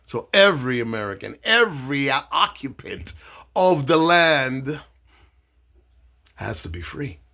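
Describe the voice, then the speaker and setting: A man giving an impassioned speech, emphatic, with dramatic pauses, acting out the words of others. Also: medium pitch, very animated, vocal fry, bright, forceful tone.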